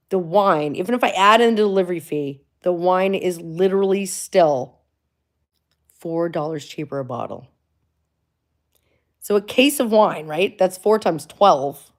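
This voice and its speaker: A middle-aged woman vlogger from Florida, chatting casually and rambling through a story, full of likes and asides. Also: lowish voice. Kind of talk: casual chat.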